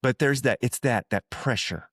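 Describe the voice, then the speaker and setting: A podcast host with a husky, mid-range voice talks earnestly about faith at a moderate pace, keeping it conversational. He repeats himself often and puts on voices when quoting people, recorded cleanly in a studio without room sound.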